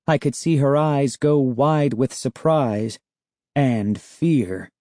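A man narrating a chapter of a children's book in a measured storytelling way. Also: medium pitch, dark tone, no room sound, studio quality. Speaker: audiobook narrator. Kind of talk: scripted narration.

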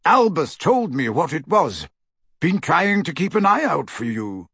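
A man reading an audiobook voices a gruff, scornful old male barman who talks bluntly and sarcastically. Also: a little high, very animated, unhurried, a bit bright, no room sound, clean studio sound, voice pushed up, full character voice.

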